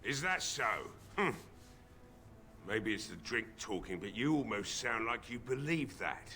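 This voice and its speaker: A man voicing a gruff, bitter old village blacksmith who is drunk, with a weary drinker's drawl, in a video game. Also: mid-range voice, animated, a little slow, pushed and bright, slight background noise. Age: older.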